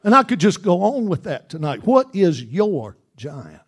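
A man preaching, his voice pitched high for a man. His delivery is fervent and repetitive, building toward shouts, and he drawls slowly through his sermon. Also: big pitch swings, breathy edge.

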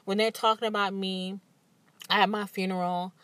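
A woman hosting a podcast, telling stories in an animated, candid way and acting out what others said. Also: medium pitch, moderate pace, no room sound. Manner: animated storytelling with acted-out quotes and frequent laughs; emphatic and candid. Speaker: podcast host. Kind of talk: casual monologue.

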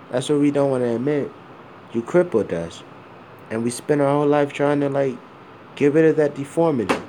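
A man's voice: medium pitch, dark tone, slight background noise. A man of around forty talking bluntly and with plenty of swearing in a rambling personal monologue, full of fillers and repeated asides.

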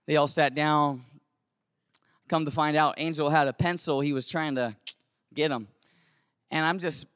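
A man who teaches, telling a story to an audience in an animated, slangy, conversational way with lots of restarts. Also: mid-range voice, moderate pace, long pauses, clear, resonant tone, no room sound, clean studio sound. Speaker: teacher and camp cabin leader.

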